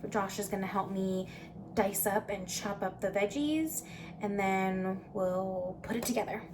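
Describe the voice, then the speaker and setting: A woman's voice: mid-range voice, a little slow, heavy background noise. A young woman talking casually through a cooking vlog, chatty and upbeat, with lots of fillers. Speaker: vlogger.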